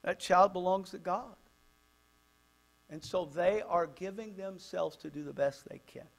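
A pastor with a Southern American accent, preaching at a child dedication, animated and acting out family stories. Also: male voice, measured pace, gravelly. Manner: animated, acts out quotes with pitch jumps; drops to a soft murmur when praying over the child.

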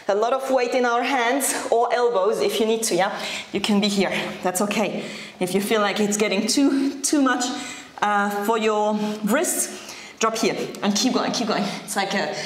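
A woman leading a workout as a fitness instructor, cheering people on with energetic cues while breathing hard. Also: on the high side. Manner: encouraging, energetic cueing, out of breath at times. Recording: echoey room.

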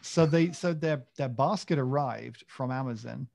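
A man's voice: mid-range voice, a little slow, gravelly, darkish tone. A man co-hosting a podcast in casual chat, rambling and self-mocking, with many fillers and restarts. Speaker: podcast co-host.

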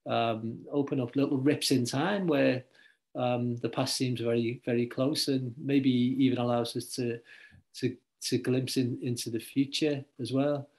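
A man's voice: mid-range voice, steady tone, unhurried, a little mellow. A man hosting a talk between poets, speaking casually with many ums and restarts. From Liverpool, England. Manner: hesitant, full of ums and restarts. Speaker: host poet and editor. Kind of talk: casual conversation.

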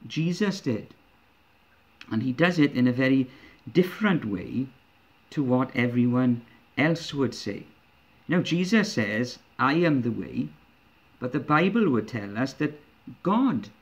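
An earnest man preaching a sermon, his voice sitting somewhat high. He builds his points through emphatic, repeated rhetorical questions. The recording is muffled and lo-fi. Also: animated, measured pace. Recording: dull lo-fi recording.

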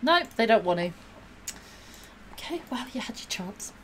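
A woman's voice: a little high, sing-song, a bit bright, a little hiss or hum. Bubbly woman streaming a game. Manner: bubbly, gushing, quick to gasp and laugh. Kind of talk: casual live-stream commentary while playing.

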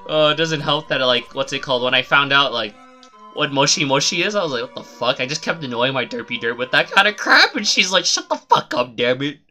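A man streaming a game live, chatting casually and swearing a lot, rambling and then shouting suddenly at the game. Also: mid-range voice, animated, fairly quick, faint music behind. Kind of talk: casual live gameplay commentary.

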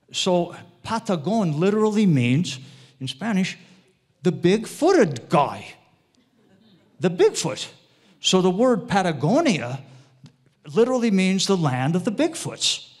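A man giving an informal, rambling lecture to a live audience, often checking in with tag questions and wandering off into side topics. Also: fairly high pitch. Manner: rambling, digressive delivery with restarts.

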